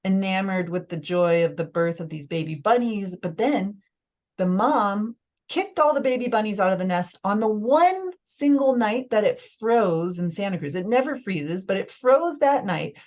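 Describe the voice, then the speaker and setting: A woman's voice: mid-range voice, lively intonation, moderate pace, darkish tone. A woman telling a personal story as a podcast guest in casual conversation, emotional and full of "like" fillers. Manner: emotional, filler-heavy, lots of "like".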